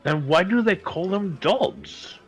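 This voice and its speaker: A man playing a tabletop game, joking around in slow, unhurried speech. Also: high-pitched, wildly swooping pitch, husky, lo-fi sound, soft background music. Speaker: player. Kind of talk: casual tabletop role-play.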